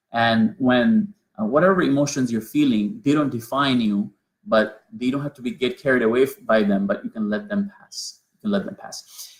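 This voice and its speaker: A man teaching a mindfulness lesson, earnest and explaining step by step, often restarting and repeating his phrases. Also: medium pitch.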